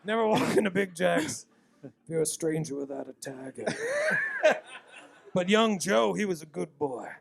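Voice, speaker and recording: A man voicing a wary, folksy old small-town man who speaks low and confidingly in a drawl. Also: animated, normal speed, gravelly, pauses often, exaggerated voice.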